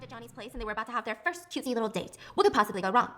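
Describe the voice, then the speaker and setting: A woman reading a story aloud with animated, excitable delivery. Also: on the high side, rapid-fire. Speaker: story narrator.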